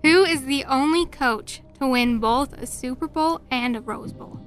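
A woman's voice: sits high, a little slow, soft background music. A teenage girl working as an intern, chatting in a laid-back, tired, dry way and reading out quiz questions. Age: teens. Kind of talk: casual chat, quiz questions.

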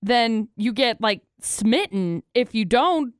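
Wry woman radio co-host, bright-pitched. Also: animated, smooth, no room sound, studio quality. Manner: teasing, wry, quick comebacks. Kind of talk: casual morning radio chat. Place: radio studio. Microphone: close studio mic.

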